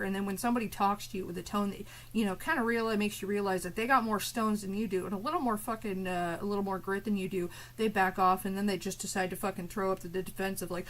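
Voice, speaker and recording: A woman's voice: mid-range voice, steady tone, fast talker, few pauses, rough recording. A woman streamer ranting live at her chat, swearing and confrontational, with biting sarcasm.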